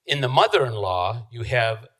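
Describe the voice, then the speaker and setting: Chicago man, co-author, middle-pitched, calm delivery with dry humor at a live talk. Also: moderate pace, breathy edge, low-quality recording. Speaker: co-author presenting a book. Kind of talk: live book talk to an audience.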